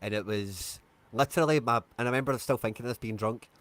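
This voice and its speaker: A man's voice: mid-range voice, fast, a bit bright, no echo. A Scottish man hosting a casual livestream chat, telling rambling stories and saying "aye" a lot. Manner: chatty storyteller, says "aye". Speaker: streamer host.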